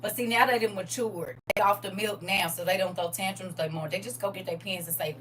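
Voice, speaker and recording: A woman hosting a live-streamed Bible study, preaching in a lively, playful way and answering viewers' comments. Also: mid-range voice, fairly quick, hardly any pauses, a little hiss or hum.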